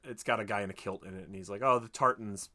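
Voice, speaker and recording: A man co-hosting a casual podcast, retelling movie scenes with quick quoted voices and jokes. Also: on the low side, fairly even intonation, pushed and bright. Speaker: podcast co-host. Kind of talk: casual movie recap chat.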